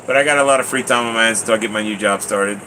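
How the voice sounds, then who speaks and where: A man chatting casually on a live stream, rambling and excitable, often laughing. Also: on the low side, very fast, a little hiss or hum, poor audio.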